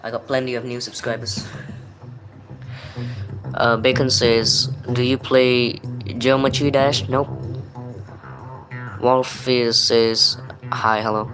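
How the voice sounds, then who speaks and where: Man, livestream host reading chat, slow and flat, bright tone, faint music underneath. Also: medium pitch, low-quality recording. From Malaysia. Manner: plain, apologetic chat-reading. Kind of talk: reading live chat aloud.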